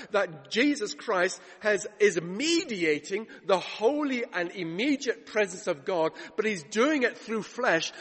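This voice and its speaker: A man with a high, slightly rough voice preaches a sermon, dramatically retelling scripture and acting out the voices of those he quotes. The recording carries a long hall reverb.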